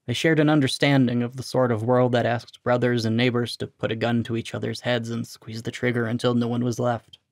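A man reading his own short story aloud in a measured, steady narration. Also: medium pitch, dry recording, clean studio sound. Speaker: reader.

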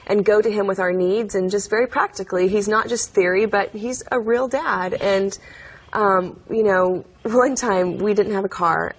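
A woman's voice: mid-range voice, creaky, slightly rough. A young adult woman, an interview guest, telling personal stories in an earnest, chatty way, with many fillers and frequent laughs. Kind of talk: interview storytelling.

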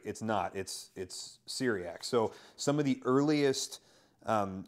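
A man with a fairly low voice walks through his shelves like a pastor showing a friend around. He talks loosely and enthusiastically, full of fillers and offhand asides. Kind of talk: casual show-and-tell of his bookshelf.

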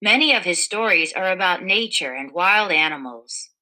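A woman reading a children's picture book aloud in a gentle storytelling manner, livening up the quoted lines. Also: on the low side, animated, normal speed, rough recording. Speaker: storybook reader.

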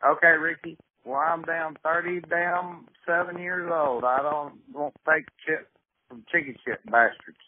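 A man's voice: a little high, steady tone, a little slow, close to an everyday voice. A foul-mouthed Southern welder in his thirties grumbles and blusters, as a man puts him on in a slightly raised voice. The sound is a thin, tinny phone line with faint hiss under it. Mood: indignant. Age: 30s. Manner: loud, cursing, indignant drawl. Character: blustering 37-year-old male Mississippi welder.

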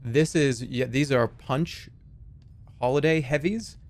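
A man's voice: medium pitch, takes it slowly, no echo. A man chatting and laughing casually with friends while playing a game, swearing often. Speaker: streamer. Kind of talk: casual gaming chat.

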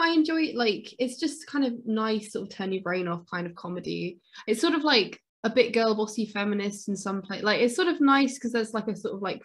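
Woman co-host in loose casual chat, rambling with lots of fillers. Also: medium pitch. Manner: rambling, many fillers and self-corrections; excitable, gasps and exclaims. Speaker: podcast co-host.

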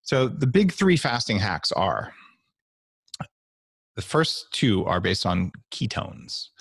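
Man, middle-aged, husky, animated pitch, dry close mic, playful podcast guest. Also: takes it slowly, dry recording. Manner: playful, acts out little voices. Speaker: guest, author.

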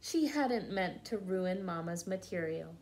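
Slow, patient woman reading a children's story. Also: lowish voice, lively intonation, darkish tone, slight background noise. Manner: patient, explains words to young listeners. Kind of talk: children's read-aloud with word lessons.

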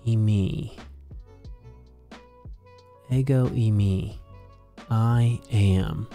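A man teaching New Testament Greek, slowly and methodically walking through a verse as a Bible teacher. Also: on the low side, warm tone. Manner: slow, methodical explaining. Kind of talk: Greek grammar lesson.

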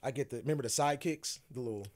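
A man's voice: mid-range voice, rapid-fire. A man who is a podcast guest, casually telling a story, acting out the quoted dialogue and laughing often.

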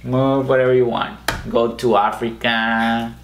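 A man's voice: medium pitch, level tone, a little slow, roomy sound, noisy background. A man co-hosting a podcast in a casual chat, chiming in with teasing, joking remarks. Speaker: podcast co-host.

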